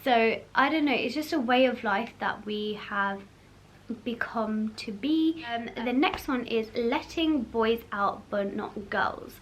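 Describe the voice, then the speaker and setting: A young woman chatting casually to camera as a vlog host, full of fillers and quick laughs. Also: a little high, slight background noise.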